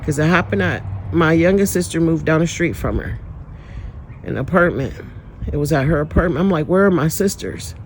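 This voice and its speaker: A woman's voice: sits low, a little fast, slight background noise, rough recording. A woman talking straight to her viewers in a candid, emotional personal vlog, moving into an uplifting, preacherly tone. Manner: candid, emotional storytelling, talks directly to viewers; preacherly, uplifting toward the end. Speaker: vlogger.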